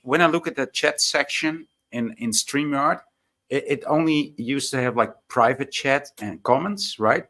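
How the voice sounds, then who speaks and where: A man's voice: medium pitch, a little slow, sharp tone. A man joining a casual chat as a guest, asking questions with hesitant restarts.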